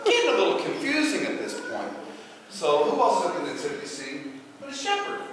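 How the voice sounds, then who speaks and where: Brief: chatty male standup comic, lively and high-pitched, from far off in an echoey hall with a crowd. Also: fairly quick, background noise. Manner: animated, chatty, many fillers. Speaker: comedian. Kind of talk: standup comedy. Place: coffee house event.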